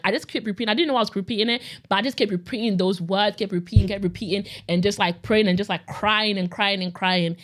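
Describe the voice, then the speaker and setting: Young woman, fast talker, casual faith testimony, chatty, repetitive phrasing. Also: medium pitch, fairly bright tone. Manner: rapid, conversational, with frequent "like" and repetition. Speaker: podcast host sharing her testimony.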